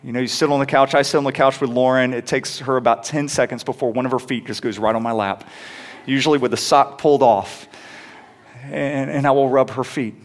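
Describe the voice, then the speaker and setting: A man's voice: mid-range voice, fairly even intonation, a little fast. A young adult man preaching a sermon in a conversational way, stumbling on restarts and rising into emphatic peaks. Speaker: pastor.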